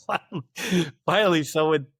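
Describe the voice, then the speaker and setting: A man's voice: fairly high pitch, fairly bright tone, slightly rough, dry recording, clean studio sound. A middle-aged man, a podcast guest, telling rambling anecdotes in a casual interview, acting out the dialogue and laughing often.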